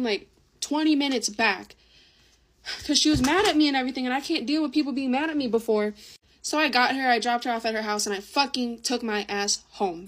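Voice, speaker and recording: A teenage girl tells a story in a casual, chatty voice that sits a little high. She swears freely and acts out the lines of the people in it. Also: a bit bright. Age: teens.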